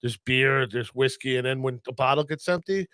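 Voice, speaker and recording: A man's voice: medium pitch, normal speed, a bit bright, clean tone, no echo. A man chatting casually as a podcast co-host, laid-back and blunt, with some swearing.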